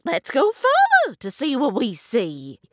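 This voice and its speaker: A woman voicing a cheerful, bouncy male hare in a storybook reading, with drawn-out, cheery greetings. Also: high-pitched, huge pitch swings, no room sound, studio quality, pitched above the performer's own voice, exaggerated voice.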